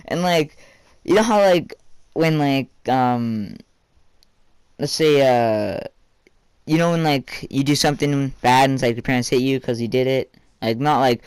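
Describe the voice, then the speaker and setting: A man's voice: mid-range voice, normal speed, smooth, no echo. A teenage boy telling a rambling personal story for a vlog, full of fillers and casual swearing.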